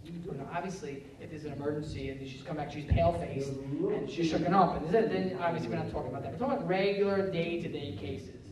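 A man giving a live talk on parenting, animated and acting out family scenes in quoted voices. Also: fairly high pitch, fast, a loud crowd. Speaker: parenting lecturer. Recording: roomy echo, speaker far from the mic.

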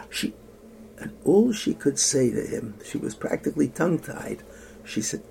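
Gravelly-voiced man telling a sermon story. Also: a little high, sing-song, moderate pace, a little hiss or hum. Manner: dramatic storytelling, drops to a hushed whisper for emphasis. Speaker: rabbi.

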